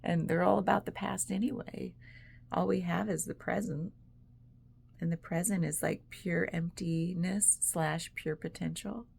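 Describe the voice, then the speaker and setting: A woman's voice: on the low side, fairly even intonation, a little slow, gravelly, darkish tone, slightly rough. A woman vlogger talking in a casual, rambling way, full of "like"s and easy laughs. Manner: rambling, chatty, laughs often, many "like"s. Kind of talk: casual reflective monologue.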